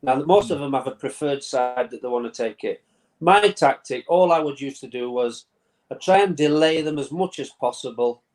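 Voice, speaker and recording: A man's voice: medium pitch, moderate pace, a little mellow, rough recording. Chatty English man on a video call. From England. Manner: chatty storytelling, laughs often, repeats words. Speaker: former goalkeeper, guest. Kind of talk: casual interview chat. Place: brother-in-law's man cave at home.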